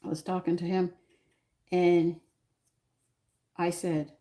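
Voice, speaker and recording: A woman's voice: lowish voice, level tone, slow, warm tone. A woman in her sixties hosting a home cooking stream from her kitchen, chatting in a rambling, opinionated way while greeting viewers. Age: 60s. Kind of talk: casual chat while cooking.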